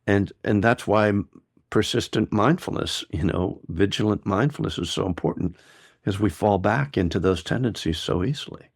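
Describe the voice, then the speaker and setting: Deep, gravelly-voiced male meditation teacher. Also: normal speed, no echo, clean studio sound. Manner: relaxed and discursive, laughs easily. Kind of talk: dharma talk and chat.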